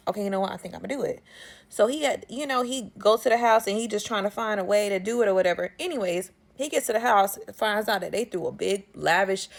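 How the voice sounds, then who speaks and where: A woman, casually recapping a movie in a sassy, animated way. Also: a little high, brisk, gravelly. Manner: sassy, animated storytelling with slang.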